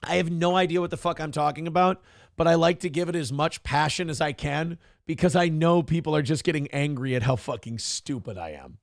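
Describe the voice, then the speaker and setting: A man's voice: a little high, fairly quick, vocal fry, dry recording, clean studio sound. A man hosting a morning show, chatting casually, reading viewer comments, and swearing and joking at his own expense. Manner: profane, joking, self-mocking rants.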